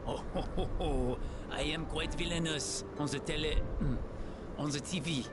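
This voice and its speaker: A man's voice: fairly high pitch, steady tone, normal speed, heavy background noise, natural voice. An actor playing a cheerful young male French exchange student with a French accent, speaking theatrically. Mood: eager. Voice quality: theatrical, sprinkles French words. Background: game music.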